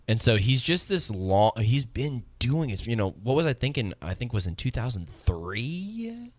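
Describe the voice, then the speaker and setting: A man co-hosting a radio station's casual chat show, who explains things at length in an animated way. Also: fairly low pitch, dry recording.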